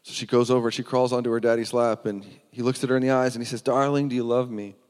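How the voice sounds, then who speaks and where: A man's voice: medium pitch, flat delivery, rapid-fire, a little mellow, clear, resonant tone. A man preaching a sermon in a church, telling a story earnestly and often restarting his words. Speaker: pastor. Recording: long hall reverb.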